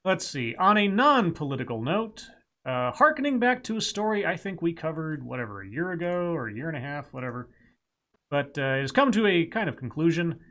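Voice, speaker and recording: A man's voice: a little high, very animated, fairly quick, fairly bright tone. A man co-hosting a casual talk show, reading news stories aloud and adding wry asides. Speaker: podcast co-host reading news.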